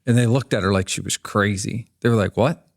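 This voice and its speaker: A man's voice: fairly low pitch, steady tone, brisk, creaky, no echo, studio quality. A man, a co-host who grew up on the Pennsylvania-Ohio border, chatting casually and retelling scenes with quoted voices. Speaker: podcast co-host. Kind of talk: casual chat.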